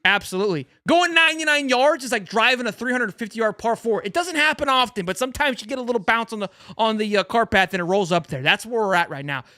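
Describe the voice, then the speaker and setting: A young man hosts a live halftime stream, ranting in a sarcastic, exasperated rush. His pitch swings all over as he vents. The sound is bright and dry, close to the mic. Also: dry recording. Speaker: sports show host. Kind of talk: live-stream halftime rant reading super chats.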